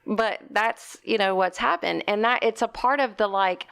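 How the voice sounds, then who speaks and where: A woman's voice: moderate pace, creaky, fairly bright tone, clean tone. A woman co-hosting a casual podcast, talking emphatically and at length. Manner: talkative, emphatic, quotes clients in lowered voice. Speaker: podcast co-host. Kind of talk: casual conversation.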